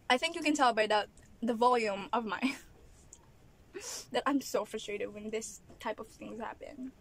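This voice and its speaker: Speaking at a normal pace in a slightly high voice, this woman from the Philippines vents through a casual eating vlog. She laughs frequently while ranting, chews between exasperated comments, and is filmed by an angled camera.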